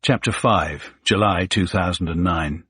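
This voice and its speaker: A man narrating a suspense thriller audiobook with measured, suspenseful pacing. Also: low-pitched, fairly bright tone, breathy edge, dry recording, studio quality.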